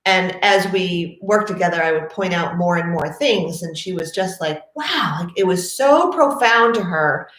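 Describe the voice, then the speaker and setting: A woman's voice: on the low side, unhurried, hardly any pauses. A woman who trains dogs, telling stories casually and acting out both sides of her talks with clients. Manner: animated, acts out both sides of conversations. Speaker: dog trainer. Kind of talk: casual storytelling to camera. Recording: echoey room.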